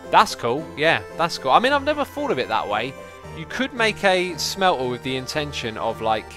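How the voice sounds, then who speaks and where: A man chatting casually as he streams a game, excitable and quick to laugh. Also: medium pitch. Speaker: livestreaming gamer. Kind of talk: casual gameplay commentary.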